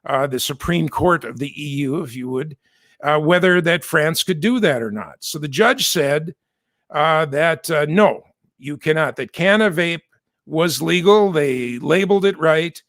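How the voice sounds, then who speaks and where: A man's voice: on the high side, lively intonation, measured pace, fairly bright tone, no room sound, studio quality. An American man hosting a news commentary show, chatty and digressive, often correcting himself mid-sentence. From United States. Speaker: host.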